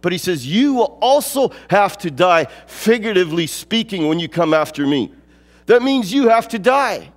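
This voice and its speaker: A man preaching a sermon in a church, emphatic and fond of repeating phrases, his voice swinging between lifting up and dropping low. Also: very animated, normal speed, in a large hall. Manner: emphatic, repeats phrases, rises and falls in pitch. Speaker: pastor. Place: church sanctuary.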